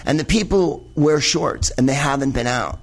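A male comedian riffs in front of a live audience, rambling and swearing as he drifts from one tangent to the next. His voice sits at an ordinary middle pitch, and his delivery is loose and digressive. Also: normal speed, creaky. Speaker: comedian host. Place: live venue in Los Angeles with audience.

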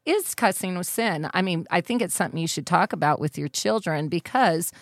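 Thirties woman co-host, lowish voice, chatty and laughing, dry close mic. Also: lively intonation, fairly quick, dry recording. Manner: chatty storyteller, laughs often. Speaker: podcast co-host. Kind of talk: casual chat.

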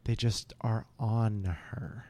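A man's voice: fairly low pitch, fairly even intonation, slow pace, warm tone, no room sound. A man co-hosting a comedy podcast, joking around in casual chat, often trailing off and laughing. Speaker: podcast co-host.

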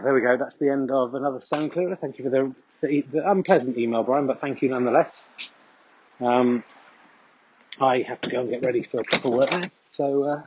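A man's voice: mid-range voice, highs cut off, background noise. A man hosting a podcast, rambling dryly and mocking himself while walking his dog outdoors. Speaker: podcast host. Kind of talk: casual walking monologue.

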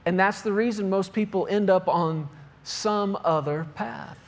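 A man's voice: sits high, a little slow. A man preaching a sermon, reading scripture aloud and driving points home with emphatic repetition. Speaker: pastor.

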